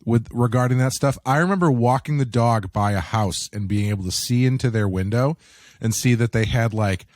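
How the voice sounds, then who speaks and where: A man co-hosting a podcast, telling stories in a wry, deadpan way. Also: mid-range voice, a little fast, no room sound, clean studio sound. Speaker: podcast co-host. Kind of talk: casual chat.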